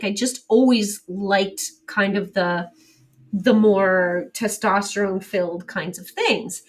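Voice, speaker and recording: A middle-aged woman in an interview, recounting her experiences with lively energy and playing out both sides of old conversations. Her voice sits at an ordinary pitch for a woman. She is set a little back from the microphone, so the sound is slightly distant. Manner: animated storyteller, acts out quoted exchanges. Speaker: interview guest. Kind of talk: casual interview storytelling.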